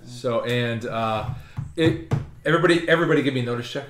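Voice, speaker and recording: A man guides a tabletop game as its game master, narrating in halting bursts and restarting his phrases. His voice sits at a plain mid pitch. The recording is roomy, with a faint hiss beneath it. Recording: echoey room with background noise.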